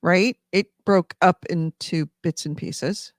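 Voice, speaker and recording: A man's voice: high-pitched, takes it slowly, no echo, studio quality. A man from California co-hosting a casual gaming news podcast, rambling with many fillers and restarts. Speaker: podcast co-host.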